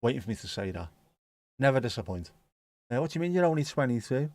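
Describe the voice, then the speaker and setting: A man's voice: mid-range voice, big pitch swings, quick pace, darkish tone, dry recording. A man hosting a football watch-along stream, chatting casually and joking as he reads viewer comments.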